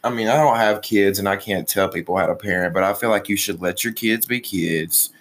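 A man's voice: fairly low pitch, brisk, a bit bright. A young man from Alabama hosting a podcast in casual chat, opinionated, swearing and trailing off mid-sentence. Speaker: podcast host.

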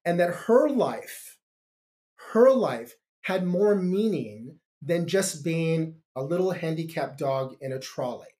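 A man's voice: on the high side, lively intonation, slow, dark tone. A middle-aged man, a podcast guest, telling a personal story in an earnest, reflective way with frequent restarts.

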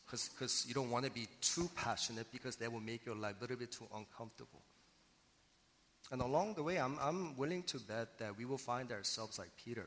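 A man preaching a sermon as pastor, earnest and emphatic, slowing and pausing for effect on key words. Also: medium pitch, sharp tone, big-room sound, a little hiss or hum.

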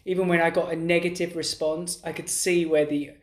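A man's voice: a little high, flat delivery, brisk. Middle-aged man, rambling podcast chat, roomy sound. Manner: rambling, many restarts and "like"s. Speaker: podcast co-host. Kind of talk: casual conversation. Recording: roomy echo.

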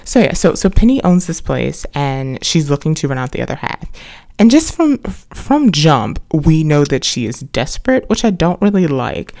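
A woman's voice: sits low, very animated, moderate pace, warm tone. A woman hosting a podcast and reviewing a book series in a casual, rambling way, with many restarts and wry asides. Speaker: podcast host reviewing books.

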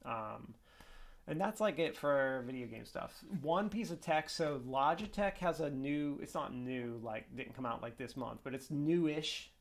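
A man's voice: mid-range voice, measured pace, vocal fry. Rambling upbeat man vlogging. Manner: rambling, upbeat, lots of fillers and self-corrections. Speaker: esports coach and vlogger. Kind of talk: casual vlog talk to camera. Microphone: webcam.

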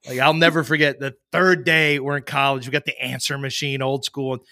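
A man hosting a casual chat, telling lively stories and acting out the people in them. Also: medium pitch, fairly quick. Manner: animated storyteller, acts out quoted voices.

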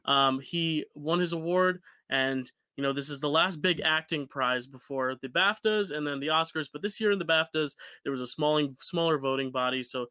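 A man's voice: a little high, normal speed, hardly any pauses, pushed and bright, clean tone, no room sound. A young man co-hosting a casual podcast chat, talking loosely with many fillers and restarts over a home call mic. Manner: chatty, rambling with fillers and restarts. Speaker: podcast co-host.

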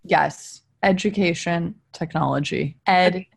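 An upbeat young woman from Kentucky co-hosts a podcast, her voice sitting slightly low. She is playful and casual, teasing with a put-on drawl. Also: slow, vocal fry, husky. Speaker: podcast co-host. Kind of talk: casual chat.

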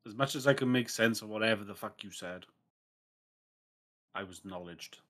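A woman's voice: a bass voice, moderate pace, a bit bright. A woman co-hosting a podcast, teasing her co-host in casual chat, laughing often and swearing freely.

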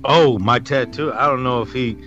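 A middle-aged man co-hosting a podcast tells a story in a rambling, hesitant way, pausing on ums. His voice comes through a dull, lo-fi recording with faint music behind. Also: mid-range voice, fairly bright tone. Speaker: podcast co-host. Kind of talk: casual storytelling chat.

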